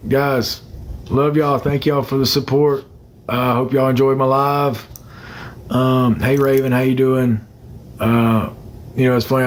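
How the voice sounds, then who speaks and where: A man's voice: medium pitch, a little hiss or hum. A young man chatting casually on a phone livestream, rambling and greeting commenters by name.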